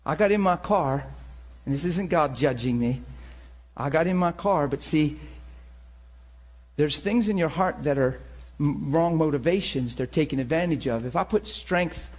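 A man preaching and telling his own story in a sermon, with animated storytelling that rises to shouts. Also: a little high, normal speed. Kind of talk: sermon testimony.

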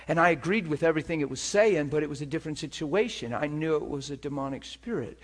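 A man's voice: fairly high pitch, lively intonation, a little fast, few pauses, breathy edge. Earnest man preaching a testimony. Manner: earnest, emphatic preaching with rhetorical questions. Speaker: pastor. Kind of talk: sermon testimony.

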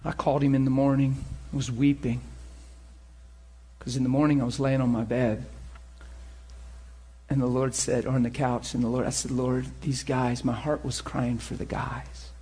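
A man preaching and telling his own story in a sermon, with animated storytelling that rises to shouts. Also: mid-range voice, moderate pace, long pauses, slightly rough. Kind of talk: sermon testimony.

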